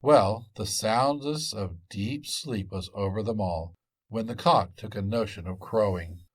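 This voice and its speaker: A man narrating a folk tale in an expressive storytelling manner. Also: fairly low pitch, unhurried, breathy edge. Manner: expressive and lively.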